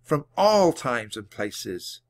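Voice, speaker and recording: A man's voice: medium pitch, big pitch swings, slow. An earnest young boy speaks with firm resolve, raised above a grown man's ordinary voice, as a storybook reader puts him on. He pushes each line forward with plain determination. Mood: determined. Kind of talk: audiobook character voice.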